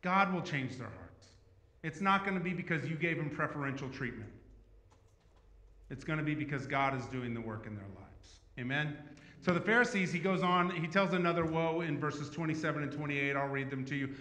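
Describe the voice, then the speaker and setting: A man preaching a sermon as pastor, talking in a conversational way that swings from emphatic to hushed. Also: fairly high pitch, fairly quick. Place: church sanctuary. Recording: echoey church hall.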